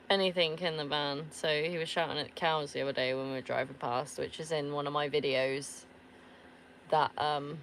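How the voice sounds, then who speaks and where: Low-voiced chatty woman. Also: gravelly, slight background noise. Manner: chatty, laughs often, swears casually. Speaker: van-life vlogger. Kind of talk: casual chat answering viewers. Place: inside a camper van.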